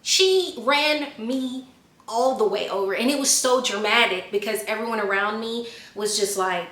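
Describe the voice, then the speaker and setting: Woman vlogger, 20s, lively storyteller, bright tone, roomy sound. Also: medium pitch, a little fast. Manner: animated storyteller, laughs at herself. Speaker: vlogger answering viewer questions. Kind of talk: casual chat.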